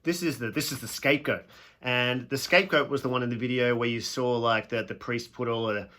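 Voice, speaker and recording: Bright-voiced man teaching a casual lesson. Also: medium pitch, steady tone. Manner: casual, self-deprecating, emphatic with stretched slow phrases. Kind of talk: classroom video lesson.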